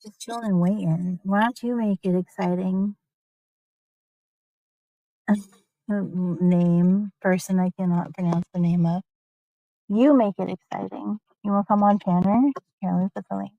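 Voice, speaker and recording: A woman's voice: mid-range voice, steady tone, measured pace, creaky, pauses often, dry recording, muffled recording. A young woman chatting casually on a live stream at home, rambling with lots of fillers.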